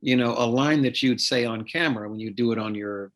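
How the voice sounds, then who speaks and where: An actor interviewed on a podcast explains things at length, repeating words and using lots of fillers and restarts. His voice is medium in pitch, brisk, and a bit bright.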